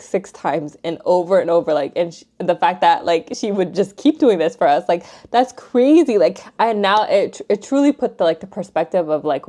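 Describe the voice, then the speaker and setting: A young woman vlogger telling a personal story in a casual get-ready-with-me video, chatty, emotional and full of fillers. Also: on the low side. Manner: chatty, filler-heavy, says "like" and "you guys" constantly; emotional and animated retelling.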